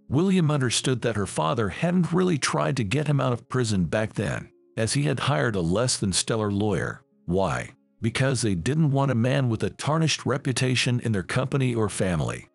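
A man narrating a scripted story in an even storytelling read, with a gravelly voice. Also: medium pitch. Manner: even storytelling read, voicing all characters plainly.

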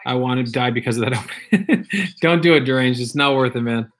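A man's voice: mid-range voice, moderate pace, a bit bright. A man hosting a casual livestream, chatting loosely, reading viewer comments aloud and repeating himself. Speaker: livestream host opening card packs.

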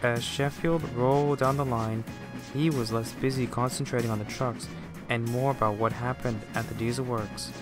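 A man giving scripted storybook narration in a slow, measured way. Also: medium pitch, fairly even intonation. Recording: music playing underneath.

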